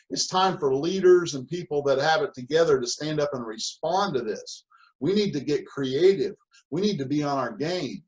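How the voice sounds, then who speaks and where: A man's voice: medium pitch, rough recording. A male speaker delivering a motivational seminar talk. He hammers his points home with short, repeated phrases. Now and then he slips into a whiny voice to mimic excuses. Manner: emphatic, punchy repetition, acts out whiny victim voices. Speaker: mentor and speaker.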